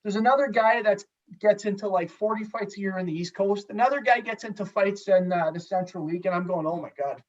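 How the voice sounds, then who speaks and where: A man, a former hockey goalie, telling a story in a casual, animated way and swearing freely. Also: sits high, a little fast. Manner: animated, profane, acts out dialogue. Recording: slightly distant, dull lo-fi sound.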